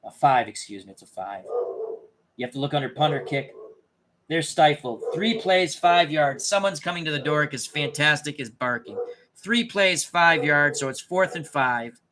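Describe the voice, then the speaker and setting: Bright-voiced man talking through dice rolls. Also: fairly high pitch, animated, moderate pace, a little hiss or hum. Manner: muttering, thinking aloud and correcting himself. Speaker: tabletop game player and channel host. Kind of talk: casual thinking-aloud walkthrough of a dice game.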